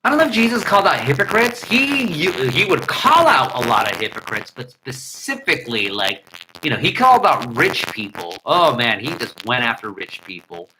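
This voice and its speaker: A man hosting a livestream, ranting in an animated, profane way into a headset mic. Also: medium pitch, normal speed, noisy background. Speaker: livestream host. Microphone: headset earpiece mic.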